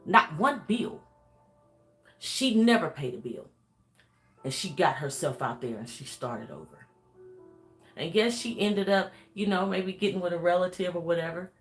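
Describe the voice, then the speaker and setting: Emphatic, lower-voiced woman life coach. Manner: emphatic, repetitive, laughs often. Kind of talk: motivational talk to camera.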